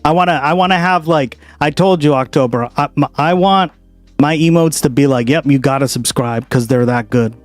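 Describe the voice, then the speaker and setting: A man from Boston hosting a casual reaction stream, talking fast and loosely, swearing and laughing often. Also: fairly high pitch, dry recording, faint music behind. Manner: profane, animated, laughs a lot.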